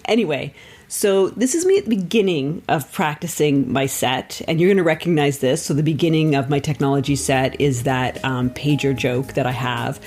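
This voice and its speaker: A woman's voice: sits low, a little mellow. A middle-aged woman comedian hosting a podcast, chatting casually in a rambling, self-deprecating way and laughing often.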